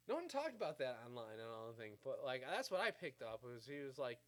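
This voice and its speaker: A man's voice: mid-range voice, sing-song, fairly quick, fairly bright tone. A man in his thirties ranting casually to camera. He rambles, curses freely and fills his talk with "uh" and "like". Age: 30s. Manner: profane, rambling, full of fillers. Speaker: vlogger.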